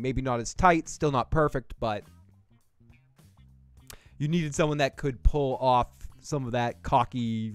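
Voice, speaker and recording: A man with a Boston accent hosting a casual TV recap show, rambling, joking and swearing freely. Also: medium pitch. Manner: profane, rambling, jokey riffing. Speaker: podcast host recapping a TV episode. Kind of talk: casual review chat.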